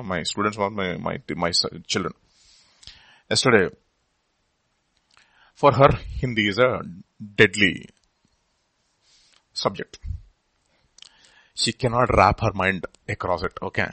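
A man's voice: on the low side, sharp tone, no room sound, low-quality recording. A man with an Indian English accent preaching a sermon as a pastor, emphatic and full of rhetorical questions.

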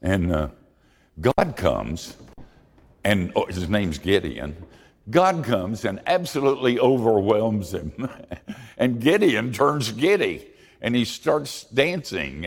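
A man's voice: lowish voice, very animated, slow, slightly rough, in a large hall. A man preaching a sermon in a folksy, humorous and confessional way, telling stories from his own life. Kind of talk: sermon with storytelling.

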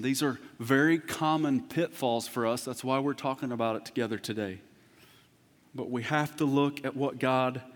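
Impassioned preacher in a reverberant hall. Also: male voice, medium pitch. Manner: swings from hushed intimacy to loud impassioned preaching. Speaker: pastor. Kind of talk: sermon.

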